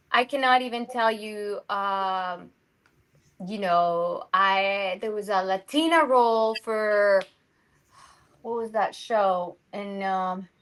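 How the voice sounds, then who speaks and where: The recording is low quality, carrying a medium-pitched woman's voice. She's a Mexican actress in a casual interview chat, animated and acting out quoted voices.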